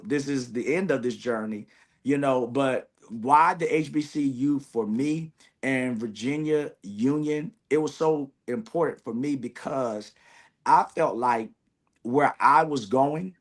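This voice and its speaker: A man who is a graduating seminary student, speaking in an earnest, reflective way with many "you know" fillers. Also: medium pitch. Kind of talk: reflective conversation.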